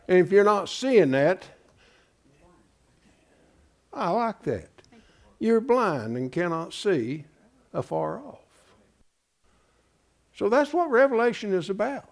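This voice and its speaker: A man's voice: high-pitched, very animated, takes it slowly, gravelly, long pauses. A man preaching a Bible-study sermon, emphatic and folksy, often asking his congregation rhetorical questions. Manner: folksy, calls listeners "folks".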